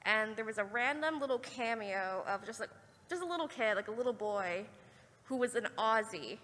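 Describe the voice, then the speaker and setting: A woman in the audience of a convention panel asks a voice actor a question, chatty and quick to giggle. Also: fairly high pitch, lively intonation, a bit bright. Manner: giggly, chatty, breaks into laughs. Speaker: fan asking a question. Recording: reverberant convention hall.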